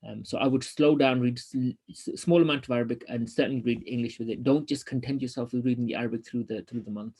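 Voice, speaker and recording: A man teaching an online lesson, reading passages from a religious text quickly and then explaining them in a loose, hesitant way full of ums. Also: mid-range voice, fairly even intonation, darkish tone, slightly rough.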